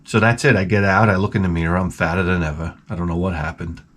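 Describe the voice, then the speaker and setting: A man's voice: sits low, steady tone, fast, fairly bright tone. A man hosting his own video, telling work stories in a wry, rambling way with crude asides. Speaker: video host. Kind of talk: casual rambling monologue.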